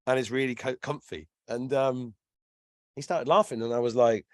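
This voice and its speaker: An English man in his fifties, telling stories in a casual chat as a guest, animated and swearing freely. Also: medium pitch, normal speed, no room sound. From England. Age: 50s. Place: lives in Ireland.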